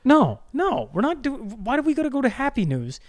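A man co-hosting a podcast, talking in casual chat with animated, mock-exasperated swearing. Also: extremely high pitch, brisk. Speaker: podcast co-host.

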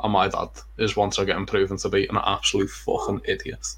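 A young man co-hosting a podcast chats casually, rambling and swearing with plenty of fillers. His voice sits low and is fairly quick, a bit bright and husky, with little pitch movement.

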